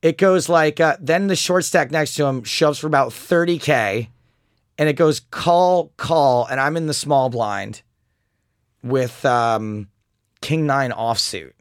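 A man's voice: mid-range voice, slow pace, no room sound, studio quality. A man in casual chat, telling a poker hand story with lots of fillers and restarts. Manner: animated storytelling, mocks an opponent's angry chat.

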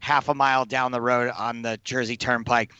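A man's voice: medium pitch, flat delivery, normal speed, bright, forceful tone, clean tone, no echo, muffled recording. A man hosting a casual interview, chatting and asking wry questions. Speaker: podcast host.

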